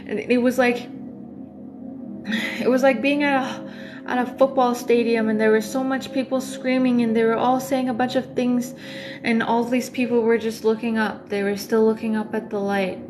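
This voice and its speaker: Woman tarot reader, livestream, rambling, a bit high, music behind. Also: little pitch movement, moderate pace. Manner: rambling, lots of fillers. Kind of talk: livestream dream storytelling.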